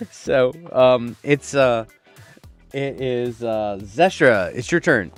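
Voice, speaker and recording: A man's voice: mid-range voice, animated, very slow, clean tone, soft background music. A man narrating a tabletop game as game master, laughing often in a loose, playful way.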